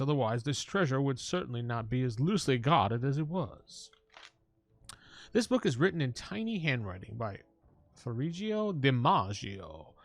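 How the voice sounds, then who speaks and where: Gravelly, playful let's-play host man. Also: mid-range voice. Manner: playful, jokey asides while reading. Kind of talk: casual gameplay commentary reading the text aloud.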